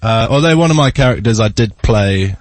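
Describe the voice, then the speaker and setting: A man speaking as a radio guest, his voice sitting a little low and recorded close and dry in a studio. He tells his stories in a relaxed, chatty way and laughs often. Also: brisk, no room sound. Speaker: guest, singer and actor. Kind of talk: casual interview chat.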